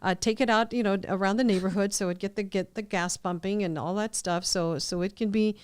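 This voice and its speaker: A woman's voice: medium pitch, steady tone, brisk, clear, resonant tone. A woman hosting a podcast, asking friendly questions and echoing her guest's answers. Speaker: podcast host. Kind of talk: casual interview talk. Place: podcast studio.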